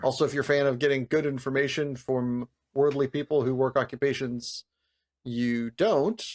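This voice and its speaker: A man's voice: mid-range voice, fairly even intonation, normal speed. A man co-hosting a podcast, casual and laid-back, swearing and laughing often. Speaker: podcast co-host. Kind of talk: casual chat.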